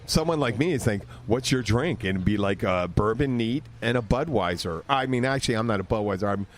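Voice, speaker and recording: A man's voice: fairly low pitch, expressive, fairly quick, a little hiss or hum. A man hosting a casual bar podcast, rambling through stories with lots of restarts, still getting over a cold. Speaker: podcast host. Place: outdoor bar.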